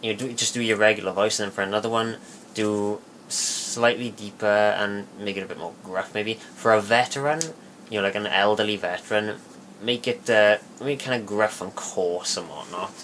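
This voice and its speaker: A man giving a casual spoken tutorial, rambling and halting with many fillers and restarts. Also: lowish voice, fairly even intonation, fairly bright tone, a little hiss or hum. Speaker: video tutorial maker.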